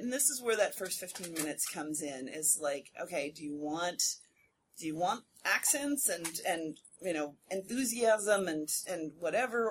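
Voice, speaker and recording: A woman with a slightly low voice talks on a convention panel, chatty and prone to restarting her sentences. Faint room noise sits behind her. She laughs easily and corrects herself as she goes. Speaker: voice actor panelist.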